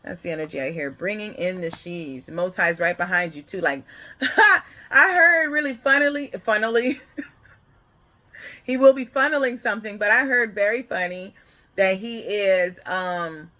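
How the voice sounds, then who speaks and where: A woman gives a casual spiritual reading in a bright, forward voice. She rambles from one thought to the next and often checks in with the listener. She laughs often. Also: mid-range voice, moderate pace. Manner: rambling, keeps checking in with "okay?". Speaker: spiritual card reader.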